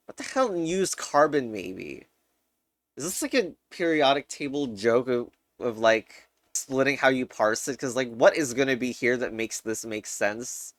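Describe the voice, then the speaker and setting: A man's voice: mid-range voice, fairly bright tone, no room sound, studio quality. A young man casually commenting while solving crosswords, thinking aloud, muttering and laughing often. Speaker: puzzle game streamer.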